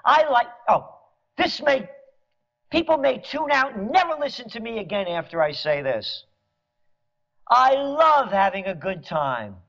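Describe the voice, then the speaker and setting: A fiery man rants with biting sarcasm, his voice sitting high and drawn out at an unhurried pace. A gravelly edge runs through his words. The recording is dull and lo-fi. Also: big pitch swings, a bit bright. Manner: fiery, sarcastic, mocks officials in mimicking voices. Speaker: commentator. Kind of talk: impassioned political rant.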